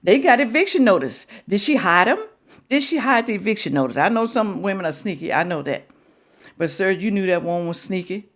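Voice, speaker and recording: A woman delivers reaction commentary in a scolding, lecturing way, hammering her points again and again. Her pitch swings widely from line to line, and her voice sits in a middle register. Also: big pitch swings, fairly quick. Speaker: reaction video host.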